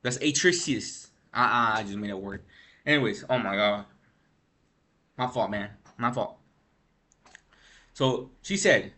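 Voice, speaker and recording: A man's voice: fairly low pitch, measured pace, pauses often, pushed and bright. A man vlogging gaming news in a rambling, slangy rant, tired from lack of sleep. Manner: rambling, slangy, frequent "bro" and "freaking". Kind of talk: casual ranting commentary.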